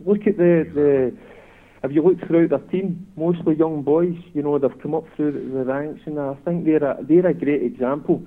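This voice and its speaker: A man's voice: a little high, normal speed. A middle-aged Scottish man calling in, a former footballer telling stories in a reflective, chatty way. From Scotland. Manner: reflective storyteller. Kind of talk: casual chat. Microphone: phone. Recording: tinny phone line.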